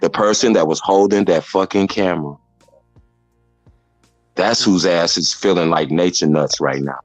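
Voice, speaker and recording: A man's voice: deep voice, moderate pace, soft background music, poor audio. A man hosting a casual commentary chat, blunt and rambling as he explains things at length. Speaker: commentary host.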